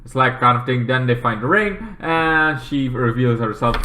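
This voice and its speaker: A man casually reviewing a TV episode, rambling and halting, with many fillers and restarts. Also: mid-range voice, heavy background noise. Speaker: TV show reviewer. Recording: echoey room.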